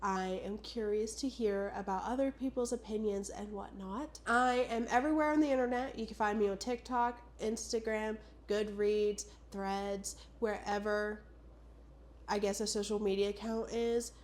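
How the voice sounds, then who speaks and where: A woman's voice: mid-range voice, steady tone, normal speed. Stuffy-nosed young woman rambling about books. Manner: rambling, full of "like" and "I don't know". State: sick and stuffed up. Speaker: booktuber. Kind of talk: casual chatty book vlog.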